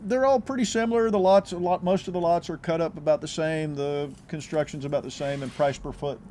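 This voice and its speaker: A man's voice: on the high side, fairly even intonation, brisk, dark tone. Easygoing man, faint background hiss. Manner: easygoing, restarts phrases often. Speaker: real estate agent. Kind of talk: casual interview answers.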